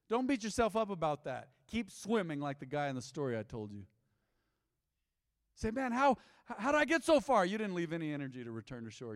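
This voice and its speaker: Emphatic preaching man in a reverberant hall. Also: a little high. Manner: emphatic preaching, repeats lines, swings loud and soft. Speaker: pastor. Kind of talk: sermon. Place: large church hall.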